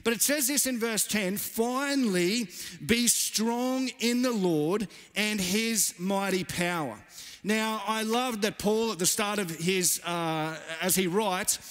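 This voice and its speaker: A man's voice: high voice, fairly bright tone. A man in his thirties preaching a sermon as pastor, earnest and emphatic, repeating key phrases. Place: church. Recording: church hall reverb.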